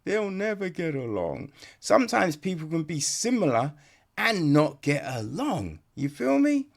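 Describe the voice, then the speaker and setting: A man's voice: a little high, creaky. A man giving a casual, rambling film review on a podcast, blunt and swearing, tagging his points with "right?". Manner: rambling, blunt, swears, many tag questions.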